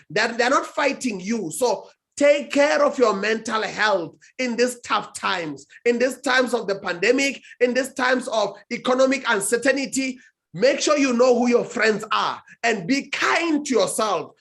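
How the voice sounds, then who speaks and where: A man's voice: very high-pitched, gravelly, fairly bright tone. A man, a talk show guest, giving motivational advice emphatically and repeating phrases for effect.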